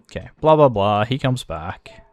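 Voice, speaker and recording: A man's voice: lowish voice, very animated, a little slow, no echo. A man with an Australian accent giving casual, self-deprecating let's-play commentary, thinking aloud as he plays. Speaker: gaming channel host.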